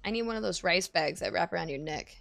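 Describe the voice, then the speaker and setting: A woman's voice: fairly low pitch, quick pace, gravelly, fairly bright tone, soft background music. A woman streamer chatting casually and joking with friends while she plays a game from her home setup. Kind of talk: casual livestream chat while gaming.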